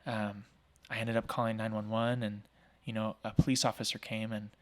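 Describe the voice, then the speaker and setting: Energetic talkative man telling a story. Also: on the low side, a little fast. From Oregon, US. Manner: energetic, talkative, acts out quoted voices; frequent fillers like "like" and "um". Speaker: podcast guest, small business owner. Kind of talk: casual storytelling in an interview.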